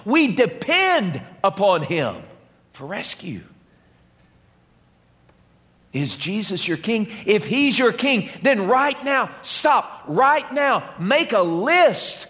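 Pastor, male, passionate sermon delivery, lively voice with long hall reverb. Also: sits high, slow. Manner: impassioned, dramatic preaching.

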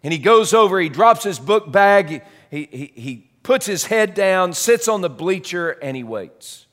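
A man preaching a sermon as a story, dramatic, swinging between loud and soft. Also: sits high, sing-song, unhurried. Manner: dramatic, shifts loud and soft, repeats words.

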